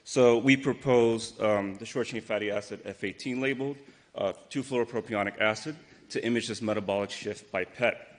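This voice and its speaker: Low-voiced man giving a brisk science talk. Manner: brisk, technical, some fillers. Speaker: research presenter. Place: lecture hall. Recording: long reverb of a hall.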